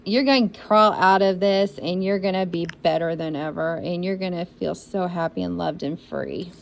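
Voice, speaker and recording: A woman's voice: lowish voice, moderate pace, creaky, hardly any pauses, highs cut off. A woman giving a spiritual reading for zodiac signs, talking in an encouraging, repetitive and emotional way. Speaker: intuitive reader.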